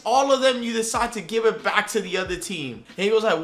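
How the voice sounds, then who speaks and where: A young man vlogger telling a casual, slangy story that turns animated and high-pitched when he gets excited. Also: a little fast, few pauses, faint music behind.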